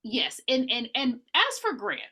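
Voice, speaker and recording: A woman's voice: fairly high pitch, a little slow, husky. A woman co-hosting a podcast, recapping a movie in a casual, playful chat. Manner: animated storytelling with playful asides. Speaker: podcast co-host.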